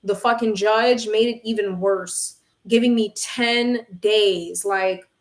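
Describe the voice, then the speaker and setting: A woman's voice: medium pitch, steady tone, slow, echoey room. A young woman vlogger venting frankly to her phone camera, swearing and addressing her viewers as y'all. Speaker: vlogger and tarot reader.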